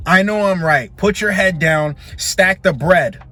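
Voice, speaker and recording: A man's voice: high-pitched, a little slow, sharp tone. A young man hosting a dating commentary vlog, talking bluntly and preaching straight to the guys.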